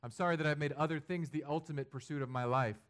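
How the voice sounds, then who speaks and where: A man preaching a sermon, acting out imagined prayers and building to loud, emphatic passages. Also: fast. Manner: rises to loud, high-pitched emphatic passages; acts out imagined prayers and quotes. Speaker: pastor.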